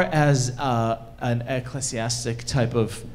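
Animated male storyteller with a lively pitch. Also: moderate pace. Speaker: speaker at a cultural event. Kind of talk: storytelling talk to a live audience. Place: event hall stage.

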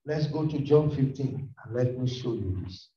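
A man preaching a sermon to a congregation in a church hall, impassioned and often shouting as he calls on the listeners. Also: medium pitch, animated, normal speed, a little hiss or hum. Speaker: pastor. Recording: echoey hall, distant mic, muffled sound.

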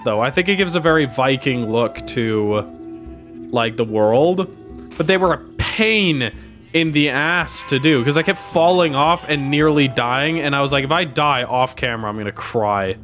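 A man's voice: on the high side, expressive, measured pace, fairly bright tone. A young man streaming a video game, chatting casually and goofing around as he plays, with music playing behind him. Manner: goofy, playful, talks to the game and chat. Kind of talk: casual gameplay commentary.

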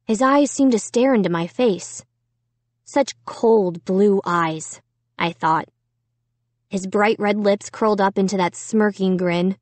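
A woman narrates a first-person storybook, reading slowly and deliberately. Her voice sits at a middle pitch, and the recording is close and dry with no room sound. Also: no room sound. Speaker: audiobook narrator.

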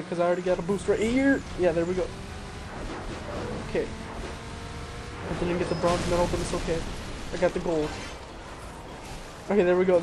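A man casually commentating his own racing gameplay, excitable and self-mocking, talking to himself as he plays. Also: sits high. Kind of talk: casual let's-play commentary. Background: engine noise and crashes from the game.

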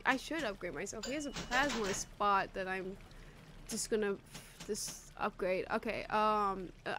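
A woman streaming a video game, reacting excitably with frequent swearing, yelps and laughter. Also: a little high, noisy background. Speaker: gaming streamer. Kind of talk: let's play commentary.

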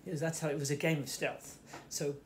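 In a casual storytelling vlog, a middle-aged man from England's Fens wanders through a childhood tale in his kitchen, cutting himself off as he goes. He speaks fairly quickly in a flat, higher-than-average voice. Faint radio music plays, and there's slight background noise.

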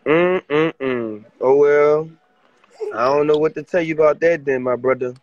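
A man's voice: a little high, unhurried, lo-fi sound. A man calling into a live stream who asks laid-back, teasing questions.

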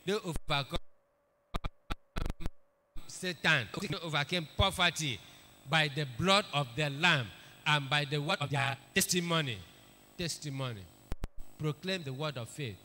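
A man's voice: on the high side, a little slow, long pauses, bright, forceful tone, slight background noise. A man preaching a sermon, emphatic, repeating key phrases and calling for amens. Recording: echoey hall with long reverb.

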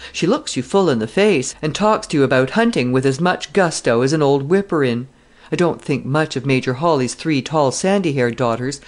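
A woman reading the part of a cheerful, chatty young army captain in a classic novel. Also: low-pitched. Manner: breezy, chatty.

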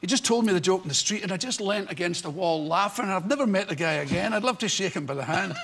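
High, lively older Scottish man. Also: quick pace, breathy edge. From Scotland. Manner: rambling, wry, breaks into laughter. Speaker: guest. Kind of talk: comic chat show storytelling. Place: television studio.

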